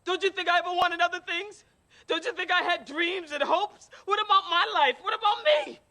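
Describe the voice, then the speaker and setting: A woman's voice: very high-pitched, brisk, bright, forceful tone. An actress playing a long-suffering wife who finally erupts at her husband, raw and tearful. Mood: anguished. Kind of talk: film drama dialogue.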